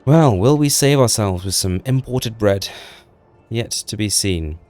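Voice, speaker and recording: A man's voice: on the low side, animated, measured pace, a little mellow, faint music behind. A man giving casual, chatty gameplay commentary, talking to the little townsfolk on screen with a self-deprecating manner. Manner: chatty, self-deprecating, talks to game characters.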